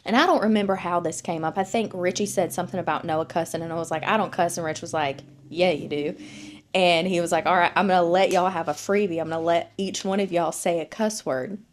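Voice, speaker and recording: A woman's voice: fairly low pitch, fairly quick, slight background noise. A woman in her thirties co-hosting a podcast, chatting casually and telling family stories with lots of acted-out quotes and cursing. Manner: animated storytelling, acts out quotes, swears freely. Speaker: podcast co-host. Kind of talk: casual chat.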